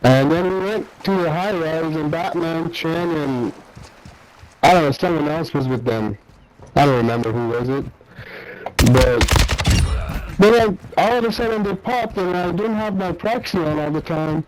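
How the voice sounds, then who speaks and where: A man's voice: a little high, normal speed, a little mellow. A man in casual gaming chat, blunt and profane as he complains about other players. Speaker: gaming friend. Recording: noisy background.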